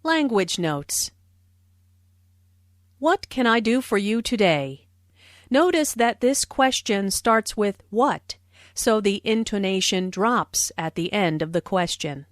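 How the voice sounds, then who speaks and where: A woman giving scripted English language notes, explaining phrases clearly and deliberately. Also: mid-range voice, very animated, dry recording, clean studio sound. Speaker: English teacher. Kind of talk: scripted language-lesson narration.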